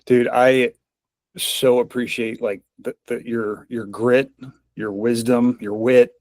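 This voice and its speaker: Guy hosting a podcast, talks slow and easy, short agreeing bits, dry close mic. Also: mid-range voice, flat delivery, a little mellow, dry recording. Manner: slow, brief affirming replies. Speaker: podcast host. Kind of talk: casual chat.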